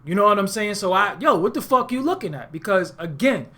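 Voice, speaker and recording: A man's voice: high-pitched, sing-song, fairly quick, sharp tone. A man from Brooklyn, hosting an unscripted webcast monologue, talking in a profane, streetwise and emphatic way. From Brooklyn, New York. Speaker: webcast host.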